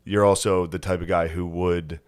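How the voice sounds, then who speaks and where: A man's voice: low-pitched, level tone, normal speed, clean tone. A man co-hosting a podcast in casual chat, riffing crudely in a laid-back way. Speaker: podcast co-host.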